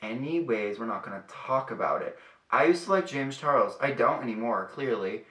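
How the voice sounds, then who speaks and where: A young man talks through his makeup routine with a sassy, profane, chatty edge. His voice is bright and forceful, and the room around him sounds echoey. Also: mid-range voice, animated, moderate pace. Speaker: beauty vlogger. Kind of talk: casual makeup tutorial chat.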